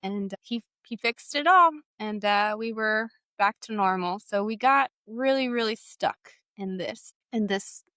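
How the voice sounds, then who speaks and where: A woman's voice: medium pitch, measured pace, few pauses, bright, forceful tone, no room sound. Young Texan woman telling her story, dry close sound. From Texas. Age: young adult. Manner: casual, heavy use of "like", acts out past dialogue. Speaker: interview guest. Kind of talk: personal storytelling in an interview.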